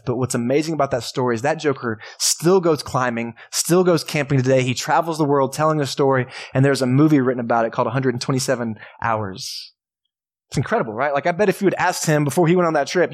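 A man as pastor giving a sermon in a church, talking in a casual, conversational way and asking the congregation questions. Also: fairly high pitch.

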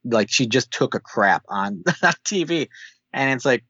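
A man co-hosting a podcast, recapping a TV episode in a rambling way with many filler pauses over a video call. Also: mid-range voice, expressive, fairly bright tone, breathy edge, no room sound. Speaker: podcast co-host. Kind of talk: casual chat recapping a TV episode. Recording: dull dry call audio.

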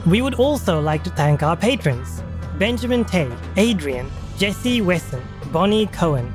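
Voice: mid-range voice, big pitch swings, unhurried, music in the background. A podcast game master narrating a tabletop adventure in a casual, descriptive way.

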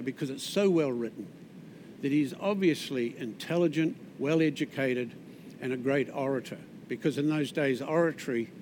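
A man with a New Zealand accent and a medium-pitched voice preaches a conversational sermon, full of asides and restarts. He often drops soft on key words, and a little hiss or hum can be heard.

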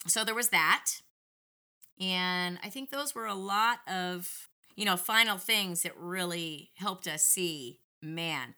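Brief: middle-aged woman guest, very bright, forceful voice, animated and indignant storytelling. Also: fairly low pitch. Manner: animated, indignant retelling with lively acted-out quotes. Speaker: podcast guest. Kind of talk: casual storytelling conversation.

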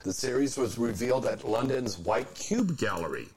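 A man's voice: mid-range voice, normal speed, a loud crowd, low-quality recording. A man hosting a casual chat, reading trivia aloud and cracking crude jokes. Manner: joking, crude, animated.

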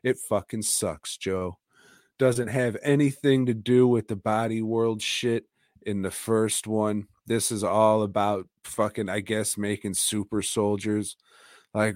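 A man's voice: lowish voice, fairly even intonation, takes it slowly, no room sound, clean studio sound. A man co-hosting a podcast, crude and sarcastic, swearing through a casual movie chat. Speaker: podcast co-host.

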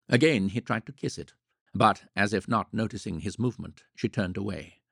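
A man reading a novel aloud in a wry, measured storytelling manner. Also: on the low side, animated, gravelly, sharp tone, slightly rough, no echo, studio quality. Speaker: audiobook narrator. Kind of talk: scripted narration.

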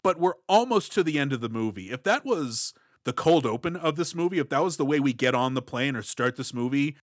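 A man co-hosting a movie podcast, giving analytical, measured critique in casual chat. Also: medium pitch, animated, dry recording, studio quality. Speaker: podcast co-host.

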